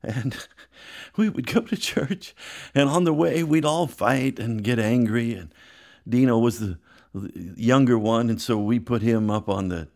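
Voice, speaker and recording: A man's voice: mid-range voice, vocal fry. A middle-aged male pastor telling family stories in a chatty podcast, laughing as he goes. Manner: chatty, laughs through his stories, animated voices. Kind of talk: storytelling sermon podcast.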